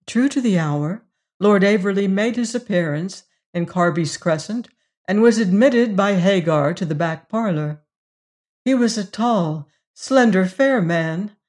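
An audiobook reader giving scripted narration of a Victorian novel in an even, measured way. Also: mid-range voice.

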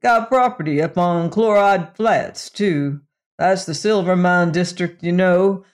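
A man's voice: high voice, unhurried. A man voicing a plainspoken old western sheriff with a rural drawl. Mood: folksy storytelling.

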